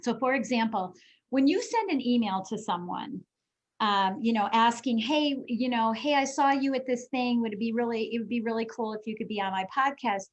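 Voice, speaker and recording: A woman's voice: a little high, normal speed, muffled recording. Earnest woman guest coach. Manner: earnest, explanatory, quotes people in voices. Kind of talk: casual interview chat.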